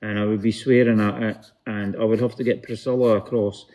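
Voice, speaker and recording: A man's voice: lowish voice, little pitch movement, a little fast, a little mellow. A Scottish man chatting casually with dry, wry remarks as co-host. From Scotland. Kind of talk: casual chat.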